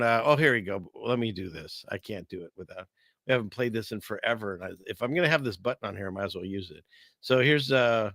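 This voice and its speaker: This online show host has a lowish, fairly bright voice and a brisk delivery, captured in a dry, clean studio sound. He wanders through news items with jokes on his casual livestream, chatting with viewers and reading their messages out loud.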